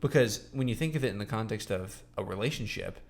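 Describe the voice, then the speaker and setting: A man's voice: lowish voice, expressive, fast, gravelly. A young man co-hosting a podcast, talking casually and rambling with lots of fillers and restarts. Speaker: podcast co-host. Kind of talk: casual chat.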